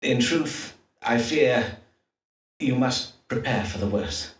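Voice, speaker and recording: An actor voicing an Elizabethan astrologer-doctor who speaks in measured, formal old-fashioned phrases with hesitant fillers, in a game. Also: male voice, medium pitch, animated. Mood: grave. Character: Elizabethan astrologer-doctor, pompous yet awkward. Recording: distant roomy game audio.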